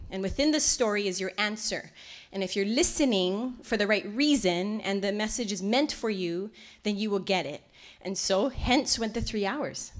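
A woman from Hawaii, giving a lecture as a heartfelt storyteller who often drops to a hushed near-whisper. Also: medium pitch. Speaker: lecture speaker.

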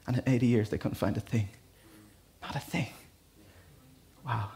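A man's voice: mid-range voice, measured pace, mellow, slight background noise. An Irish man preaching a sermon in a church, talking to the congregation in a conversational, storytelling way with asides. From Ireland. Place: church hall.

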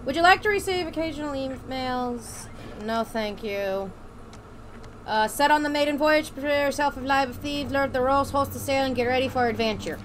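A woman's voice: high voice, moderate pace. A woman streaming a video game in casual commentary, playful and swearing, slipping into a mock pirate way of talking. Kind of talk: casual let's-play commentary. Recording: streaming mic with steady noise.

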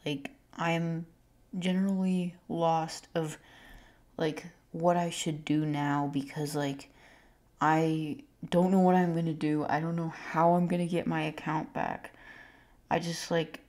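A young woman YouTuber talking to her viewers in a halting way, full of fillers and sighs, close to tears. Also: low-pitched, level tone, a little mellow. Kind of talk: emotional vlog to viewers.

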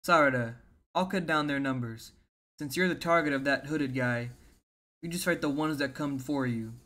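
A man voicing a calm teen boy ninja who gives orders while reading a manga aloud. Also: mid-range voice, normal speed, natural voice. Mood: commanding.

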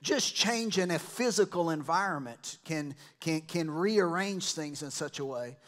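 Speaking to his congregation in church, a male pastor preaches in an unhurried, chatty style, drifting into side stories and voicing what others said. His voice is a little high and fairly bright.

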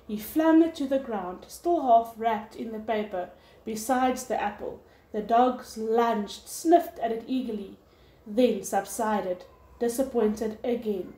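A woman teacher reading a novel aloud in steady storybook narration. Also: on the high side, slow. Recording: echoey room with faint hiss.

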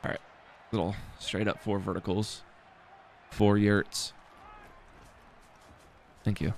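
A man's voice: fairly low pitch, flat delivery, takes it slowly, creaky, slight background noise. Man muttering over a football video game. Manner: swearing, self-deprecating, talks to himself while playing. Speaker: gaming streamer. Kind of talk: casual gameplay commentary.

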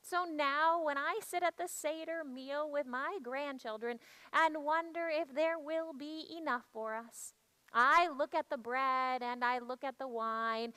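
Bright high-voiced woman telling a story. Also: poor audio. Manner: hushed, reflective storytelling. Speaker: church storyteller. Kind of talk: first-person dramatic monologue.

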